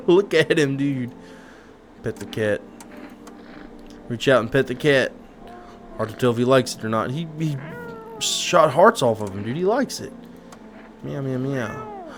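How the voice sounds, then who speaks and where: A man giving casual, excitable gameplay commentary, talking to his chat and saying dude a lot. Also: medium pitch, unhurried, pauses often, faint music behind. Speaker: gaming video host.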